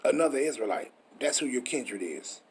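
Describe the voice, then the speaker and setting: Husky, emphatic preaching man. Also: medium pitch, sing-song, moderate pace. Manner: preachy, emphatic, profane, rhetorical questions. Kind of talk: street-style scripture teaching.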